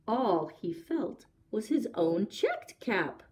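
Slow, expressive woman reading story time. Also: medium pitch. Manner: slow, expressive, asks young listeners questions. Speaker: children's librarian. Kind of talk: story time read-aloud.

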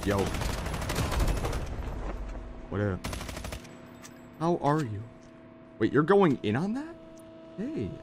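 A man giving jokey, excitable live commentary while playing a mobile shooter game. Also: on the high side, slow, noisy background. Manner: excitable, jokey, keeps exclaiming in alarm. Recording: loud game gunfire behind. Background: game gunfire and explosions.

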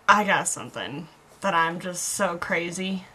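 A woman's voice: fairly low pitch, pushed and bright, slight background noise. A young American woman chatting casually in a video blog, rambling and self-mocking, with giggles and voice dropping to murmurs. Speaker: vlogger.

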